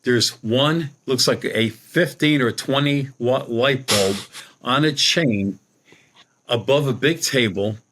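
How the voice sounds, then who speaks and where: A man's voice: mid-range voice, slow pace, background noise. A man guest, a psychic medium, telling a rambling personal story in a casual way and retelling what people said. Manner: rambling, retells dialogue with "she goes".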